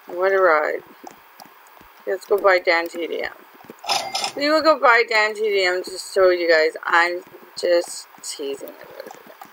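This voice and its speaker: A woman's voice: lowish voice, measured pace, pauses often, a bit bright, a little hiss or hum, low-quality recording. A woman hosting a gaming channel, chatting and teasing through her commentary as she plays. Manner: chatty and teasing, laughs often. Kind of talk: let's-play commentary.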